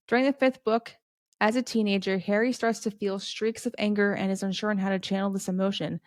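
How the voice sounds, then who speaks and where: A woman in her thirties talks earnestly and from the heart in a personal podcast monologue, breaking into playful asides. Her voice sits at a middle pitch. The recording is close and dry, with no room sound. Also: no echo. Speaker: podcast host.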